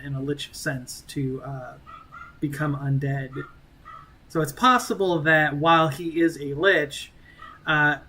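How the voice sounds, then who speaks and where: Slow, easygoing game master. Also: male voice, fairly high pitch, bright, forceful tone, poor audio. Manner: loose, hedging with fillers. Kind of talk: narrating a tabletop game.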